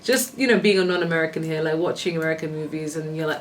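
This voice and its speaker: A woman giving a casual tarot reading, chatty and animated, full of asides. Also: sits low, fast talker, distant mic, slight background noise. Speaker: tarot reader.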